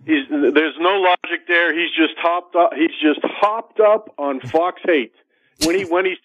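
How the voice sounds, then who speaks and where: A man's voice: a little high, unhurried. A man calling into a radio show, scornful and hesitant, with many fillers. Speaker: caller. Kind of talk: call-in radio chat. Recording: tinny phone line.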